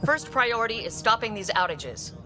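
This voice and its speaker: An actress playing a tense, firm starship captain speaking with urgency. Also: female voice, fairly high pitch, big pitch swings, normal speed, bright, forceful tone, soft background music. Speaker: ship captain.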